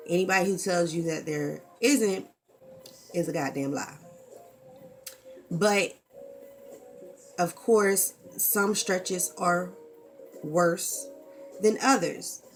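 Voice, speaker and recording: A woman's voice: lowish voice, takes it slowly, pauses often, soft background music. A woman, talking candidly and expressively in a casual vlog and swearing freely, into a camera mic. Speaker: vlogger.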